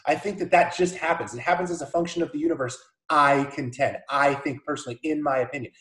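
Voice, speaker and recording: A man in a casual debate, speaking in a measured, somewhat formal way. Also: fairly high pitch, steady tone, a bit bright, roomy sound. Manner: measured, formal phrasing like "I contend".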